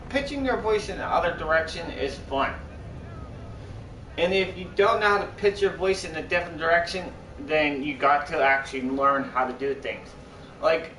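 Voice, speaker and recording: A man's voice: fairly high pitch, a bit bright, a little hiss or hum. A young man live-streaming, chatting casually to his viewers in a rambling, repetitive way that keeps restarting its sentences. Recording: echoey room, far from mic.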